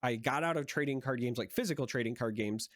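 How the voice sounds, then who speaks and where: A man's voice: medium pitch, quick pace, no echo. Guy cohosting a podcast, rambly, keeps restarting his sentences, dry close sound. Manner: rambling, thinks aloud with frequent restarts. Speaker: podcast co-host. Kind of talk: casual chat.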